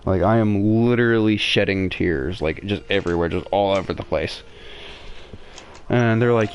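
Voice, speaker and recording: Rambling, profane young man, lowish voice. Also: steady tone, normal speed. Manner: rambling, profane, with many restarts and fillers. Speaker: podcast host. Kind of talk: casual storytelling.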